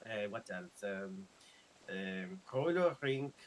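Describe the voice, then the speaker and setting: A man's voice: on the low side, animated, slow pace, a little hiss or hum, poor audio. A man voicing a French lifeguard and medic in a game roleplay, speaking with a French accent, chatty and rambling, laughing often and fumbling his R's. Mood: friendly. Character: easygoing young male French lifeguard and medic. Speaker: roleplay streamer. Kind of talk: casual in-character roleplay chat.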